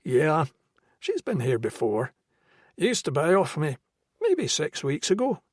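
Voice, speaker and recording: A suspicious Irish dealer speaks in a thick brogue, pitched well above the reader's own voice. The voice is loud, guarded and evasive, as a man acts him out in a crime audiobook. The recording is dry and close. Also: huge pitch swings, takes it slowly, slightly rough, dry recording, exaggerated voice. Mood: wary. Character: wary Irish drug dealer man, high.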